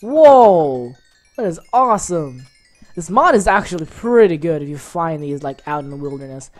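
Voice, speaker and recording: A woman hosting a gaming channel, giving excitable let's-play commentary and reacting loudly to what happens on screen. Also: deep voice, normal speed, soft background music.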